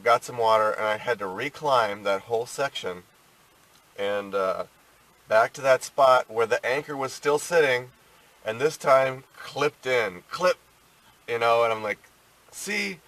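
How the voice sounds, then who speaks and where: A man telling a personal story to camera in a casual, rambling way, with lots of fillers and restarts. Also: fairly low pitch. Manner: rambling, animated retelling with many fillers and restarts. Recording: voice sounding a bit far from the mic.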